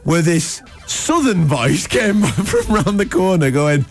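Man, radio host, laughing storyteller, lively, slightly high voice, faint music underneath. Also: slow pace. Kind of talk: animated anecdote telling.

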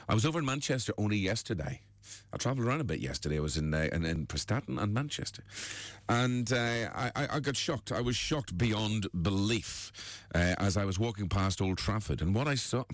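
A male breakfast radio host, telling tall tales with deadpan punchlines in a studio. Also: on the low side, no room sound. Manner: lively storyteller, deadpan punchlines. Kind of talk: joke-telling radio banter.

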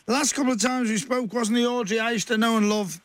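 A man's voice: very high voice, steady tone, quick pace, dry recording. A man hosting a radio phone-in, teasing and encouraging his caller. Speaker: radio host. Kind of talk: phone-in chat.

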